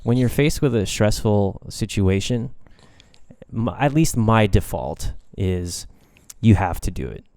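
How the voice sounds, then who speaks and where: A man's voice: on the low side, animated, a little slow, warm tone, no echo, studio quality. A young man co-hosting a podcast, talking in a rambling, hesitant way with lots of fillers. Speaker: band member, podcast co-host. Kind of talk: casual chat.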